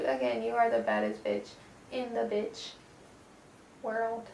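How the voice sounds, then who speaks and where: With a slightly high voice and vocal fry, a woman does a laid-back pick-a-card tarot reading full of slang and swearing, calling her listener baby as she chats. The recording has room echo, a distant mic, and faint noise.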